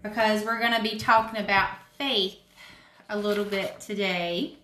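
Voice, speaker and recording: A woman hosting a children's story time, chatting gently with pauses and fillers from her home. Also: mid-range voice, fairly even intonation, roomy sound. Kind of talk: casual chat to children.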